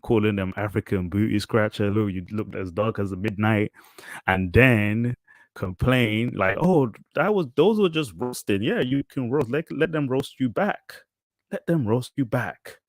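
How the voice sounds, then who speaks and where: A man commenting on a clip he is playing, relaxed and amused. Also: fairly low pitch, unhurried, no echo. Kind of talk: reaction commentary.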